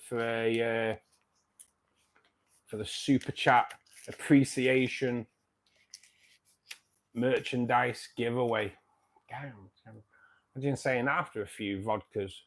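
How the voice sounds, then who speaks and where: A man's voice: medium pitch, fairly bright tone. A man in his fifties hosting a casual fish-keeping livestream, chatty and jokey, thanking viewers by name. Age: 50s. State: dry throat. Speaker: livestream host. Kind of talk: casual live chat.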